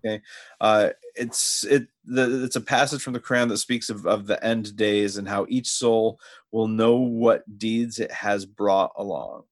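A man hosting a casual podcast, retelling a show's plot step by step with halting restarts. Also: on the low side, steady tone. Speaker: podcast host. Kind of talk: casual episode recap chat.

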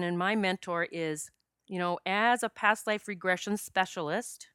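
A woman recounting a personal story as a past life regression specialist, speaking earnestly with frequent fillers and restarts. Her voice sits a little low and sounds smooth and resonant. The recording is dry and close, and she is at times choked up. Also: unhurried, bright, forceful tone, dry recording.

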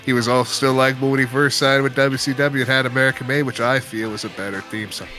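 A man's voice: medium pitch, fairly even intonation, fast talker, sharp tone, soft background music. A man co-hosting a casual wrestling podcast, laid-back and swearing casually. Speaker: podcast co-host.

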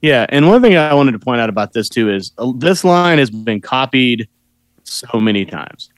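A man's voice: medium pitch, very animated, moderate pace, no echo. A man chatting casually about a film, adding enthusiastic side comments. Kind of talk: casual movie discussion chat.

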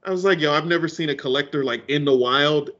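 A podcast co-host with a slightly high, bit bright voice talks fast while telling a story on a casual show, acting out every line of dialogue. He uses heavy slang and cursing, and the audio is dull and lo-fi.

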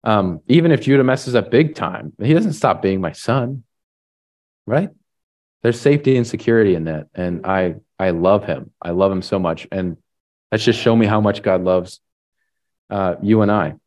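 A man preaching a sermon in a relaxed, conversational way, often tagging on "right?" and pausing with fillers. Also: on the low side. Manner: halting restarts and fillers. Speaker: pastor.

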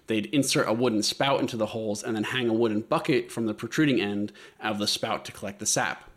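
A man presenting a history topic in a casual podcast chat, explaining with many hesitant fillers. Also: on the low side.

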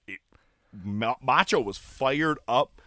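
A man co-hosting a casual wrestling recap podcast, animated and laughing, acting out quotes as he talks. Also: mid-range voice, takes it slowly, no room sound, studio quality. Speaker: podcast co-host.

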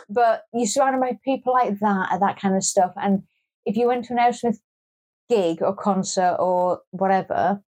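A woman's voice: fairly high pitch, steady tone, normal speed, a little mellow. A woman co-hosting a podcast in casual chat, wry and grumbling, with lots of restarts and swearing. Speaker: podcast co-host.

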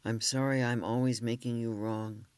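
An earnest, frustrated wife speaking plainly, as a male reader voices her. The voice stays at mid pitch in a dry, close recording. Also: fairly even intonation, moderate pace, clear, resonant tone, no room sound, close to an everyday voice. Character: frustrated wife explaining calmly.

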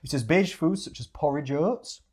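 A man who hosts a podcast and coaches clients, talking in a relaxed, chatty way and reading out articles. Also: fairly high pitch, moderate pace, breathy edge. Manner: relaxed, chatty, laughs often. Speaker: podcast host and fitness coach. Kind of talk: casual chat.

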